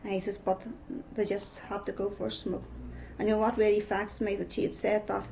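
A woman's voice: medium pitch, little pitch movement, brisk, vocal fry, darkish tone, slight background noise, rough recording. A middle-aged woman with a Northern Irish accent giving a personal testimony, telling her story with many repeated "I says".

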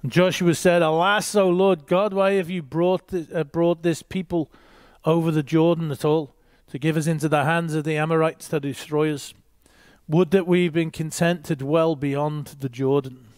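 A man's voice: fairly high pitch, fairly even intonation, moderate pace, darkish tone, smooth, no echo, studio quality. A man reading a Bible passage aloud and teaching, with short asides to his listeners.

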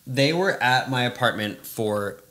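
A man's voice: mid-range voice, expressive, measured pace, a bit bright. Rambling man telling anecdotes. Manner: rambling, filler-heavy anecdotes. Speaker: podcast guest. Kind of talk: casual podcast chat.

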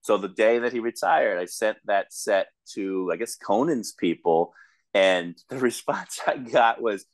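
Low-voiced man telling comedy stories. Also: unhurried, no echo. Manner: storytelling, laughs often, animated when quoting. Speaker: stand-up comedian, podcast guest. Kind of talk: casual podcast chat.

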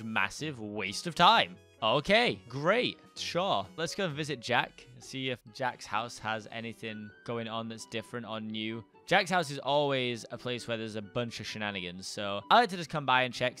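A young man commentating a Minecraft let's play in an excitable way, yelping and gasping and tossing in quick jokey asides. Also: mid-range voice. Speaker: gaming YouTuber.

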